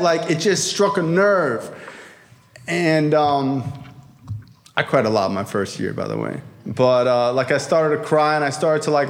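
A man telling a personal recovery story to a live audience, in a casual, profane, slangy way with frequent fillers. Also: a little high. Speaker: speaker sharing a recovery story.

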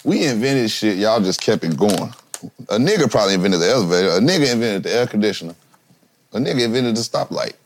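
A man's voice: fairly low pitch, expressive, quick pace, slight background noise. A man in his thirties, a guest rapper in a casual chat, talking bluntly with profane street slang.

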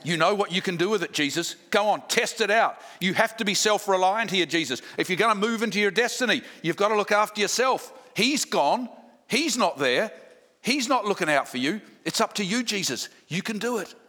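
A man's voice: sits high, lively intonation, fairly quick, bright, forceful tone, exaggerated voice. A man voicing a sly male devil who coaxes and taunts during a sermon story. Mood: taunting. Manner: coaxing, taunting, insinuating.

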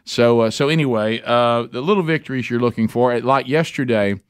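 A man's voice: medium pitch, fairly quick, smooth, dry recording, studio quality. A middle-aged man, hosting a radio show and telling casual stories. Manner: storytelling, animated when quoting himself. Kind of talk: casual chat.

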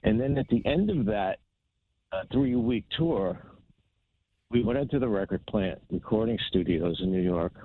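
A man's voice: fairly low pitch, moderate pace. A man from New Jersey telling stories in an interview as a guest guitarist, acting out the voices of the people in them. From New Jersey, United States. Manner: animated anecdote teller, acts out voices of others. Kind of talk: storytelling interview. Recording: tinny phone-line sound.

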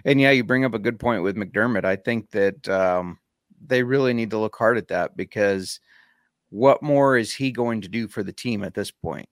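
A male podcast co-host in casual chat who argues his opinions in a measured way, with some casual swearing. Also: on the low side, dry recording, clean studio sound.

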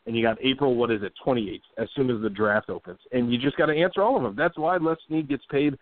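A male podcast host talks through a sports offseason in a casual, emphatic way, getting lively when he jokes. His voice sits in the middle range. The sound is dry and tinny, like a phone line. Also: medium pitch, fast, dry recording. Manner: energetic, emphatic, animated when joking.

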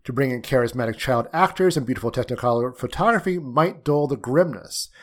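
A man hosting a film podcast over a video call, reading scripted intros with a wry, lively delivery. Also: medium pitch, fairly quick. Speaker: podcast host.

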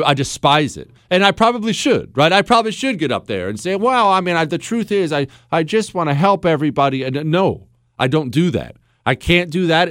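A man's voice: fairly high pitch, fairly bright tone, no room sound. A man hosting a talk radio show, speaking bluntly and sarcastically in a studio. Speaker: radio host. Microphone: studio microphone.

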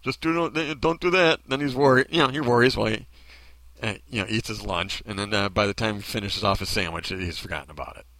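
A man's voice: fairly low pitch, quick pace, sharp tone, dry recording. A man delivering a bitter, sarcastic ranting monologue full of rhetorical questions.

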